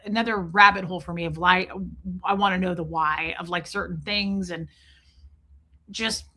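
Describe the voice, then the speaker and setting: A woman's voice: fairly low pitch, fairly even intonation, moderate pace, pushed and bright. A woman hosting a casual livestream, talking to viewers in a chatty, rambling way with many restarts. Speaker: YouTube livestream host. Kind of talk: casual livestream chat, reading viewer comments.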